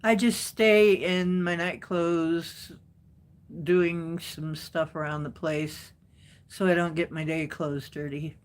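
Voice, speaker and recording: With a lowish voice and fairly even intonation, a woman runs a relaxed live stream, responding to viewer comments at an easy pace and laughing frequently.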